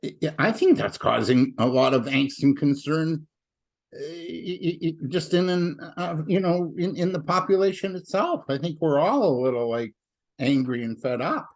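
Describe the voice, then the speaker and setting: A man's voice: fairly high pitch, animated, moderate pace. A man from Canada, hosting a conversational interview and telling stories with opinionated asides and frequent fillers.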